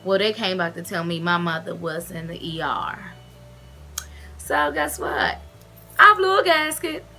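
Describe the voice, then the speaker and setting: Bright-voiced woman telling her story. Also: fairly low pitch, measured pace, a little hiss or hum. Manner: earnest and expressive, retells events with emotion and direct advice. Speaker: vlogger sharing her weight-loss surgery experience. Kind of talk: casual to-camera storytelling and advice.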